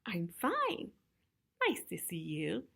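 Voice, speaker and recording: A woman voicing a friendly hand puppet, speaking slow greetings one syllable at a time. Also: on the low side, huge pitch swings, vocal fry, a bit bright, breathy edge, exaggerated voice.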